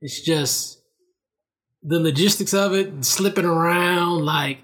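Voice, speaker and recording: Stammering, profane man, a bit high. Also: slow, fairly bright tone. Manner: stammering restarts, profane, explains with "you know what I'm saying". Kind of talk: casual chat.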